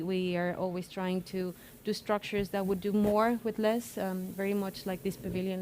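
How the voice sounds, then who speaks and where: A woman's voice: on the low side, a little mellow, a little hiss or hum. A woman architect speaking at a public panel, hesitant and reflective, with many fillers. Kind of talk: panel discussion. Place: public talk event.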